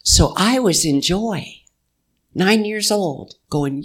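Slow-paced folksy spiritual speaker, conversational, pauses to let ideas land. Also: mid-range voice, expressive. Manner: folksy, uses "y'all". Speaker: inspirational speaker. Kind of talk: spiritual talk to a live audience.

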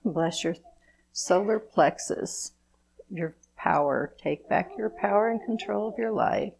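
A woman leading a chakra blessing ritual as its spiritual officiant, speaking in a measured, incantatory way. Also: mid-range voice, creaky, a little mellow, slight background noise, rough recording. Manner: slow, measured, incantatory delivery.

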